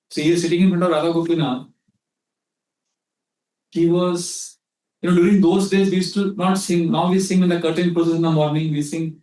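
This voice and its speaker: A spiritual teacher with an Indian accent and a slightly high, darkish voice lectures on scripture, with slight background noise and a distant mic in an echoey hall. His talk is storytelling, full of anecdotes and acted-out quotes, with Hindi mixed in.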